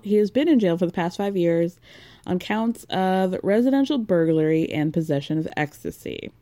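A woman's voice: medium pitch, mellow, no room sound. A woman hosting a casual recap, talking frankly, swearing freely and leaning on fillers. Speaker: podcast host recapping a reality show.

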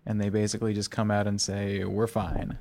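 A man co-hosting a casual recap podcast, sardonic, with quick asides. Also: lowish voice, monotone, background noise. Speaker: podcast co-host.

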